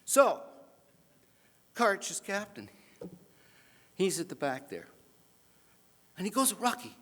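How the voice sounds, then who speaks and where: A man giving an animated, self-mocking storytelling speech at an awards event, acting out the other people in his story. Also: high voice, slow pace. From Canada. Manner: animated, self-mocking anecdote with acted-out voices. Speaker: awards speaker. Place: banquet hall. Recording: reverberant hall PA sound.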